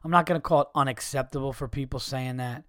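A man hosting a podcast, telling stories in a profane, animated comedic rant with frequent restarts. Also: medium pitch, quick pace, no echo, clean studio sound. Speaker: podcast host.

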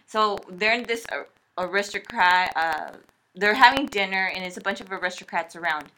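Bright, chatty young woman podcaster. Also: medium pitch, moderate pace, rough recording. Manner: chatty, enthusiastic, lots of fillers. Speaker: podcast co-host. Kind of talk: casual chat.

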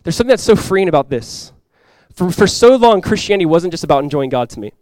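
A young male pastor preaches quickly in a slightly high voice. He speaks casually with lots of "like," dropping to quiet, earnest lows and rising to loud, excited highs. The sound is dry and close to the mic. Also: no room sound. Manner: casual and conversational, with many "like" fillers. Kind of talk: sermon.

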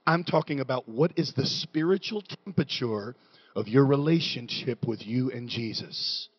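A middle-aged man preaching a sermon in a church, moving between quiet confession and loud shouting. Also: medium pitch, expressive, normal speed, breathy edge, lo-fi sound.

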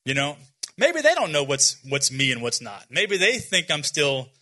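A man's voice: on the high side, wildly swooping pitch, normal speed, bright, forceful tone. A man in his forties giving an informal, earnest sermon to young people, with many fillers and restarts and some self-deprecating humor. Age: 40s. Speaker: youth speaker.

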